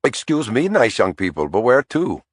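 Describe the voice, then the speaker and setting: A man's voice: medium pitch, big pitch swings, normal speed, breathy edge, dry recording, studio quality, voice pushed up. A man voicing a courteous middle-aged cab driver with an Indian accent. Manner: courteous, eager to please. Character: polite middle-aged little male cabbie.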